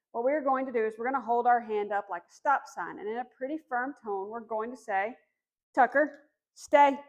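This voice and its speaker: A woman dog trainer walks through puppy commands step by step. Her voice sits fairly high. She explains each step plainly, like a teacher running an outdoor lesson. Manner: firm commands, soft praise for the dog. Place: outdoors in a yard.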